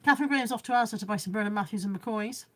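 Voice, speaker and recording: A woman's voice: medium pitch, very fast. A woman vlogging live from home, reading out viewer comments in a rambling, chatty way and joking about how little she knows about technology.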